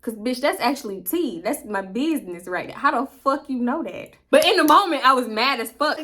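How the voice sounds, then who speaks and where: A woman in her twenties with a Houston accent, telling a story in an animated, profane way to her viewers. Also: high-pitched, brisk, few pauses. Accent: Houston, Texas. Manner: profane, animated, laughing asides. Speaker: vlogger. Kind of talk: casual storytime monologue.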